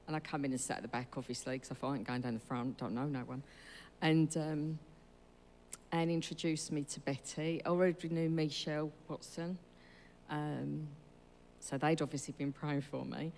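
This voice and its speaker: In a low voice with a little hiss or hum, a woman shares her church testimony casually, telling it like a story and acting out the dialogue. The recording has long hall reverb.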